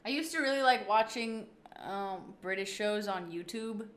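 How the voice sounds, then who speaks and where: A woman's voice: mid-range voice, normal speed, roomy sound. A woman streamer chatting casually on a livestream, rambling through off-the-cuff reactions.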